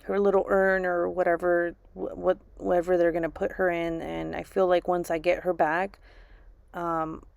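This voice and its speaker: Grieving mom vlogger, low and gravelly, halting, full of restarts and fillers. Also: female voice, level tone, darkish tone, no echo. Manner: halting, restarts and repeats herself, lots of fillers. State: grieving, subdued. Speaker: vlogger and mother. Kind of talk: casual personal vlog.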